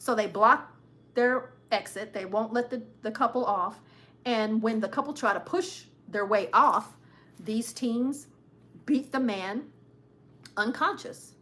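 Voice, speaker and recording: A woman's voice: on the high side, slow, a bit bright. A woman hosting a live cruise news stream, chatting casually, repeating phrases for emphasis and laughing often.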